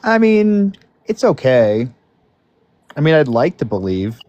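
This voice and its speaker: A man's voice: on the high side, very animated, takes it slowly, darkish tone, dry recording, highs cut off. A man calling in to a debate stream, answering hesitantly with hedges and fillers. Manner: hesitant, hedging, many fillers. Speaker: caller. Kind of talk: casual chat.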